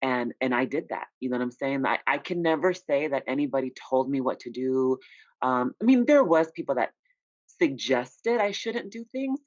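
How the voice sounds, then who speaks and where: A man's voice: medium pitch, animated, normal speed. A man who makes records talks openly about his career, telling stories with lots of "you know" asides. The sound is dull and lo-fi, dry with no room echo. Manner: candid storytelling with frequent "you know" asides. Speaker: independent recording artist, guest. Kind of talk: casual interview chat.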